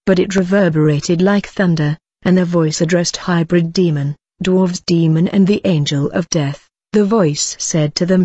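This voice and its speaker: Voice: medium pitch, a little mellow, no echo. An earnest voice narrates a dramatic personal testimony, speaking straight to listeners as brothers and friends and slipping now and then in its grammar. The sound is dull and lo-fi, close and dry with no room around it. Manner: non-native grammar slips.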